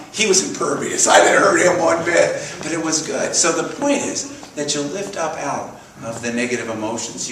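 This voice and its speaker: A man's voice: mid-range voice, slight background noise. Man preaching in an echoey church. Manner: animated storytelling, leads congregation in repeated affirmations. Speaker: minister. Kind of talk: sermon with personal stories. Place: church sanctuary. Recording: echoey hall from far off.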